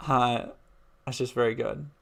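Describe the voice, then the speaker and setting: A man on a live stream works through a history script, his ordinary mid-pitched voice a bit bright and creaky. He keeps pausing the reading for casual, laughing remarks to chat, then picks it back up.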